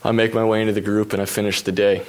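A man, a professional cyclist, telling a personal race anecdote in a relaxed, self-deprecating way with fillers. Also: on the low side, rapid-fire.

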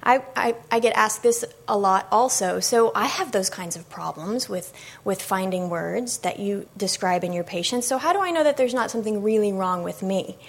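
A woman's voice: mid-range voice, normal speed, vocal fry. Woman lecturing with many ums. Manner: many ums, conversational explaining. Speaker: speech-language pathologist. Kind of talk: public lecture.

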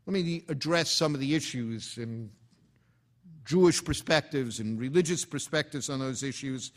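A man delivering a formal, impassioned speech, rising in emphasis on key words and dropping quietly at the ends of phrases. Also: mid-range voice, moderate pace. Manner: impassioned, oratorical cadence. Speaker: speaker.

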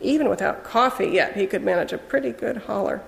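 A woman narrating a first-person novel in a wry, measured storytelling manner. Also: medium pitch, vocal fry, big-room sound. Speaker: audiobook narrator.

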